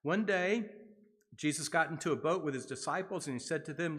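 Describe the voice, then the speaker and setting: A man's voice: on the high side, normal speed, fairly bright tone. A man leading a Bible study in a church, reading scripture aloud and then explaining it in a casual way with fillers and restarts.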